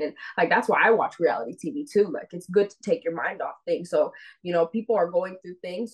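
A bubbly young woman gushes in an interview, with "like" in nearly every sentence. Her voice sits low for a woman. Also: husky, poor audio. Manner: bubbly, heavy use of "like". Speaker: reality show winner, interviewee. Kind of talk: casual interview chat.

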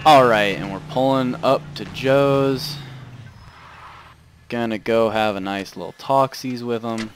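A young man commentating a video game playthrough, muttering asides and breaking into loud swearing outbursts. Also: mid-range voice, unhurried, a little hiss or hum. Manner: swings between mumbled asides and loud angry outbursts, swears a lot. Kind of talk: let's play commentary.

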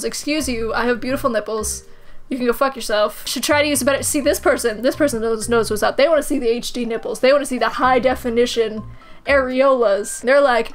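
A woman doing let's play commentary, animated and sarcastic, breaking into high squeals and swearing. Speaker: gaming commentator.

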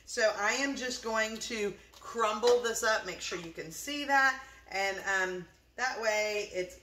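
In her kitchen, a woman chats with viewers during a casual demo of a one-pot recipe, talking to them as she cooks and teary from the onion. Her voice is medium in pitch, with reverb and a noisy background.

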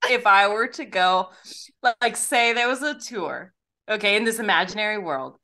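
Bright, playful woman guest. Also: mid-range voice, moderate pace. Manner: laughs easily, playful, swears casually. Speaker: podcast guest. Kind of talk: casual chat.

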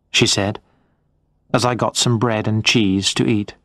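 Slow, measured male story narrator. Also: fairly low pitch, fairly even intonation, fairly bright tone, dry recording, clean studio sound. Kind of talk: scripted story narration for English learners.

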